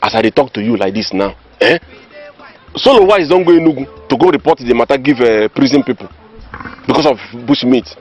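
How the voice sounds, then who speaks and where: A man's voice: medium pitch, expressive, a little fast, faint music behind, natural voice. An actor playing a gossiping village man who insistently tells his friend the news in Nigerian Pidgin. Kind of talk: comedy film acting.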